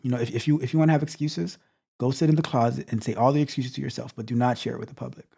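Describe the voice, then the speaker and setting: A man's voice: medium pitch, steady tone, very fast, gravelly, mellow, husky. A man coaching viewers in a blunt motivational talk, restarting words often and repeating his points. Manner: blunt, repetitive, stammering restarts. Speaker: tech coach.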